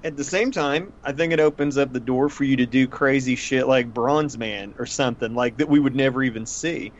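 A man co-hosting a casual podcast, excitable and enthusiastic, swearing freely. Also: mid-range voice, a little fast, a little hiss or hum. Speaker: podcast co-host. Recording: dull lo-fi sound.

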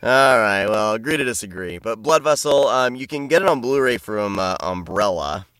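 A podcast co-host chats casually and hesitantly, restarting often. His voice is lowish, a bit bright, clear, and resonant, with lively intonation and a moderate pace, and there's no room sound.

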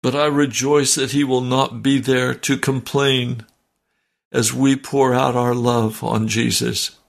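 A man's voice: mid-range voice, little pitch movement, takes it slowly, creaky. A man preaching a fervent, emotional sermon and reading scripture aloud.

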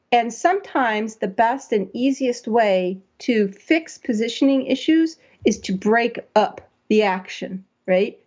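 Woman talking through a line edit, chatty and questioning, mid pitch, kinda muffled lo-fi audio. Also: darkish tone. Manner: conversational, asks herself questions. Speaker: writing editor. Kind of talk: thinking-aloud editing critique.

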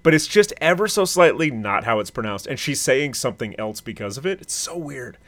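Dad on a podcast, lively up and down voice, explaining food stuff casually. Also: male voice, mid-range voice, brisk. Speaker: podcast co-host. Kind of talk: casual chat.

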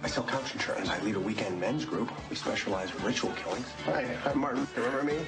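An actor playing a young, detached hitman in a film, speaking with dry, deadpan delivery. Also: medium pitch, fast, natural voice. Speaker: hitman lead in a film trailer. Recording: film trailer clip over loud music.

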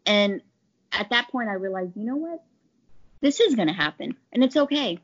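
A woman's voice: medium pitch, moderate pace. A woman with a mid-range voice talks easily through stories from her sales work, putting on little voices for what people said. The recording is a bit dull and lo-fi. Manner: chatty, animated retelling with quoted voices. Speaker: pharmaceutical sales rep. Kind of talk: conversational interview storytelling. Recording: slightly dull lo-fi audio.

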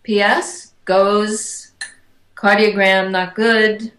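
A woman, an interview guest, telling personal stories in a casual, animated way and acting out the voices of the people she quotes. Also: mid-range voice, extremely slow. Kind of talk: casual storytelling. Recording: echoey room.

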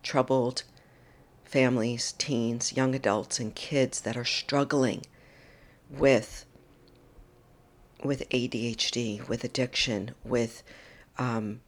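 A woman hosting a solo podcast monologue into a microphone, earnest and emotional, often dropping into a soft whisper. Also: rumbling low, steady tone, slow pace, pauses often. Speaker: podcast host. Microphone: studio microphone.

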